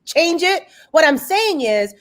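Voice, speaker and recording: A woman's voice: sits high, big pitch swings, takes it slowly. A woman hosting an online discussion over a video call, speaking emphatically in a preacherly way and repeating points for stress. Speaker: host. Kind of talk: impassioned discussion.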